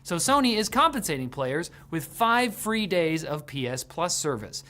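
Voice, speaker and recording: A man's voice: on the high side, very animated, normal speed, bright, forceful tone. A man hosting a scripted tech news show, delivering the news with sarcastic jokes.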